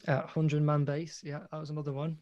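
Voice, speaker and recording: A man's voice: fairly high pitch, monotone, brisk, a little mellow, muffled recording. A man in a band chatting casually on a group call, easygoing and laughing along with the others. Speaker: band member. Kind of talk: casual chat.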